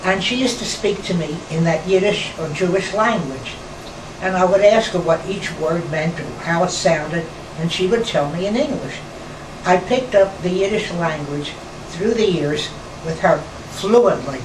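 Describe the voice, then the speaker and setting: A woman in her nineties from New York, reminiscing slowly in a rambling conversation with pauses and restarts. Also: fairly low pitch. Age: 90s. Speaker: interviewee, former nightclub performer. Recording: roomy, distant mic, air-conditioner hum.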